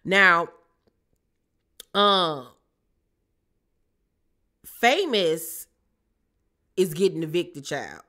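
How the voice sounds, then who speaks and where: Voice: medium pitch, animated, extremely slow, pauses often, sharp tone. A channel host giving a casual recap of a TV episode, sassy and full of slang, with frequent asides to viewers.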